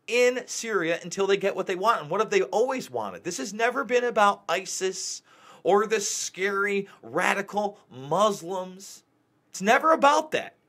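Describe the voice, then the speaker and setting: A male host delivering a heated live monologue. His voice sits high and rings bright, and it swoops up and down as he rants, hitting his points again and again with an emphatic, agitated push. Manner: agitated, ranting, emphatic repetition. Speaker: news show host.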